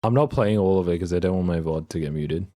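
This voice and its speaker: Mellow-voiced male streamer chatting with viewers. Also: deep voice, quick pace. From Australia. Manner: loose and rambling, reacts to chat messages with laughs. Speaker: livestreamer reading chat. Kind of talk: casual live-stream chat.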